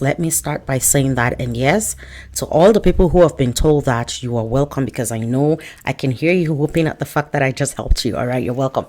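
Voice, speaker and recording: A woman, a career coach giving advice straight to camera in a chatty, animated way with joking asides. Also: rumbling low, moderate pace. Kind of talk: direct-to-camera advice talk.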